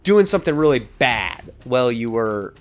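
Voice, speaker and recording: A man's voice: medium pitch, big pitch swings, moderate pace. Rambling, swearing young male gamer. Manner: rambling, swears a lot, laughs often. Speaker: let's play co-host. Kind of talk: casual gaming banter.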